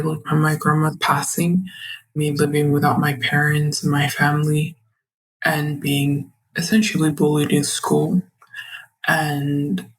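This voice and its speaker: A woman guest on a podcast, earnestly telling a personal story of faith, halting and restarting, often dropping close to a whisper. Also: sits low, breathy edge, low-quality recording.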